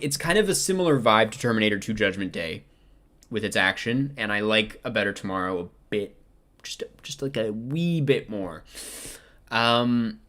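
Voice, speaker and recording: A man's voice: fairly low pitch, fairly bright tone. A young man talking casually to camera, rambling and second-guessing himself with many ums while he ranks films. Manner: rambling, self-questioning, frequent ums. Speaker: film vlogger ranking movies. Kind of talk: casual chat.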